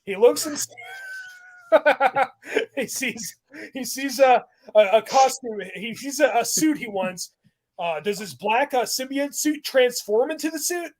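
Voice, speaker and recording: A high-pitched man talks in a loose, rambling way on a casual podcast. He gets animated, breaks into laughter often, and piles up restarts as he rants about scenes he dislikes. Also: unhurried. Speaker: podcast host.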